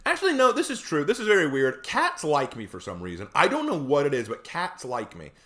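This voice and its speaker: A man's voice: on the high side, huge pitch swings, brisk, pushed and bright. A man chatting casually on a live stream, reading viewer comments aloud and telling laid-back stories.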